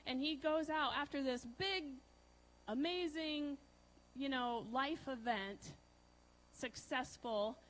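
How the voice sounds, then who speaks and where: Chatty, high-voiced woman preacher. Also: slight background noise, low-quality recording. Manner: chatty, asks the audience questions, many fillers; swings between loud emphasis and soft, hushed lines. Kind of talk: conversational sermon.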